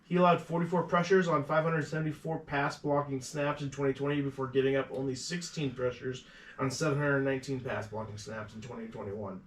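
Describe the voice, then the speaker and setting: Male co-host, halting and filler-heavy; distant mic, roomy sound. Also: mid-range voice, steady tone, slight background noise. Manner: hesitant, full of "uh", reads prospect notes aloud. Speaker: podcast co-host. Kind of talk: casual sports chat.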